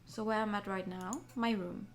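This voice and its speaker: A woman on a gaming stream, reading a visual novel aloud with excitable, giggly reactions. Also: mid-range voice, moderate pace, soft background music. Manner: excitable, giggly, swears casually.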